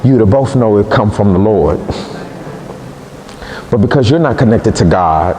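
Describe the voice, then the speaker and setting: A man evangelist preaching a sermon in a church, in an animated, humorous, conversational way, recorded in an echoey church hall. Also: lowish voice, a little slow, a little hiss or hum.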